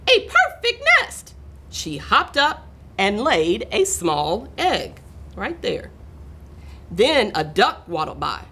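A middle-aged woman reading a picture book aloud to children, expressive and talking to her young listeners. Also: medium pitch, slow pace, slightly rough. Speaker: school administrator reading aloud.

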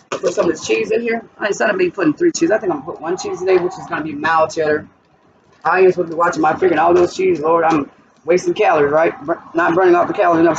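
A woman with a gravelly voice chats the viewer through a recipe in her home kitchen. She sits well back from the mic, and the recording sounds dull and muffled, with steady noise behind her. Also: on the low side, distant mic. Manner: chatty, talks the viewer through each step. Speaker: cooking channel host. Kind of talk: casual cooking vlog.

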